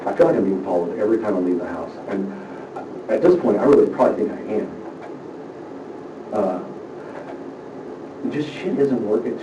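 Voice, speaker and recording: A man talking anxiously at a police station, rambling with many fillers and restarts. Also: lowish voice. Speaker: complainant. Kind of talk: casual conversation. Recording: noisy, echoey room from a distance.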